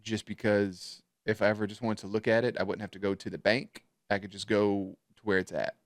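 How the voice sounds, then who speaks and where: A man's voice: on the low side, level tone, fairly quick, no echo. Profane man reacting to a show. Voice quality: profane, laughs often. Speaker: reaction video host. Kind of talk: casual reaction commentary.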